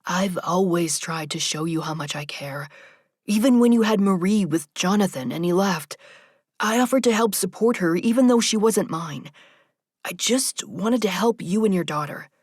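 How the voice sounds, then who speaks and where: A woman's voice: fairly low pitch, expressive, normal speed, husky, dry recording, studio quality. A woman voicing a frustrated male politician. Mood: low, pleading. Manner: hushed, tense arguing.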